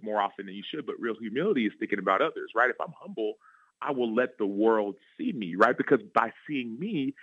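A man, a former football player turned author, telling personal stories in a radio interview in an earnest, animated way that keeps checking in with "right?". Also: lowish voice, no echo, highs cut off. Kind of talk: interview storytelling. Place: radio studio.

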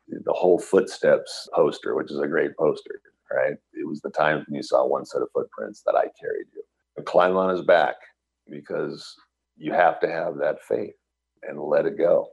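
A man's voice: a bass voice, normal speed, creaky, a little mellow, breathy edge, poor audio. A middle-aged man, a guest on a radio interview, telling his story in an earnest, emotional and reflective way. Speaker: guest, author and restaurant entrepreneur.

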